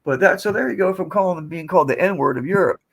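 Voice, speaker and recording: Older man in his seventies, podcast guest, husky, slightly high voice, digressive storytelling. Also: quick pace. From United States. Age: 70s. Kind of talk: casual storytelling.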